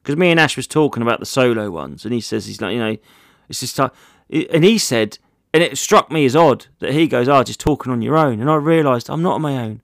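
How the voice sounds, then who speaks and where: A man's voice: mid-range voice, lively intonation, brisk, creaky, no room sound, clean studio sound. A man, a comedian hosting a casual solo podcast, rambling through jokey stories with plenty of swearing.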